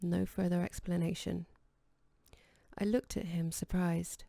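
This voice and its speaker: A woman narrates an audiobook in a calm, measured voice that sits low and mellow, with a gravelly texture. The sound is close and dry, with no room around it. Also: no room sound. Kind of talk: scripted narration.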